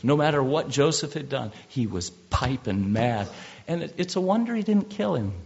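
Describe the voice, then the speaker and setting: Male pastor, gravelly voice, animated sermon delivery with repeated words, dull lo-fi recording. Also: medium pitch.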